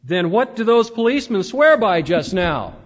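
An earnest male Highlander who speaks in simple, plain words, as a preacher reads him aloud. His voice sits high. The sound is muffled, with a long reverb. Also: big pitch swings, normal speed. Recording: dull, reverberant hall recording.

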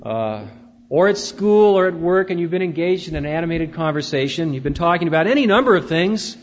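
A man preaching in an easy storytelling way, often pausing on "uh." His voice sits high for a man. The recording is dull and muffled, with a long hall reverb. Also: animated. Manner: storytelling, with frequent "uh" fillers. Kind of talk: conversational sermon.

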